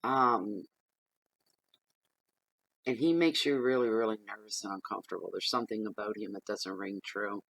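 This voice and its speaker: A man's voice: lowish voice, moderate pace, gravelly, pauses often, fairly bright tone, dry recording, poor audio. A man giving a casual tarot reading, chatty and plain-spoken, often repeating himself as he gives direct advice. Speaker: tarot reader.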